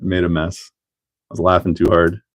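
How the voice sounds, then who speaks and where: A man's voice: deep voice, completely flat delivery, a little fast. A man hosting a casual hobby livestream, chatting and laughing while he builds a model car and greets viewers by name. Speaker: livestream host.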